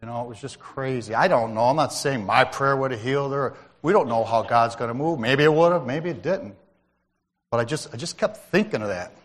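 Speaking a little fast in a mid-range voice, this church lay speaker shares a testimony in sermon style within a large hall. His delivery is chatty and story-driven, and he addresses people in the audience by name.

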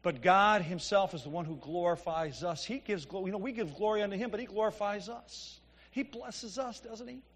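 A man preaching a sermon, reading scripture and explaining it conversationally, his voice swinging from loud emphatic peaks to quiet asides. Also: high voice, normal speed. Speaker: pastor. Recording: long hall reverb.

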